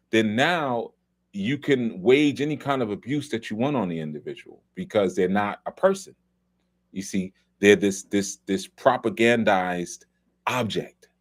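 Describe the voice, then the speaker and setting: Low-voiced man talking casually. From New York. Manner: loose and conversational, many restarts and asides. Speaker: host. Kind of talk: casual film commentary talk.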